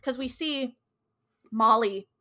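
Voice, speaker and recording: Recapping a TV episode on a podcast she co-hosts, this woman talks in a slangy, chatty manner and says "like" constantly. Her voice sits on the high side, bright and forceful, and she speaks at a slow pace.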